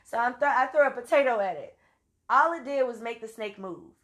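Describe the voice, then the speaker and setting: A woman's voice: a little high, animated, a little fast, a bit bright. A woman from Louisiana with a Louisiana accent, telling a story casually and with salty language while acting out her own quotes. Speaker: vlogger.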